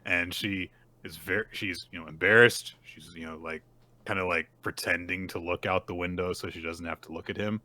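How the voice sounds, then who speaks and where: A man's voice: sits low, fairly even intonation, moderate pace, pushed and bright. A man co-hosting a casual manga recap podcast, retelling scenes and acting out the characters' lines. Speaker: podcast co-host.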